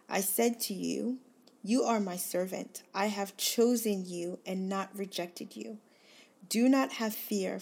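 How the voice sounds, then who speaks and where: Slow, flat-voiced woman reading scripture. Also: medium pitch, creaky. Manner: slow, earnest, gently emphatic reading. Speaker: devotional host. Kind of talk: scripture reading and devotional reflection.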